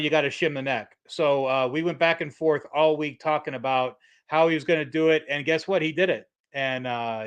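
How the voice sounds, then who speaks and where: A man's voice: on the high side, a bit bright. A middle-aged man hosting a casual guitar livestream, rambling with lots of fillers and restarts. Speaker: livestream host, guitar tech.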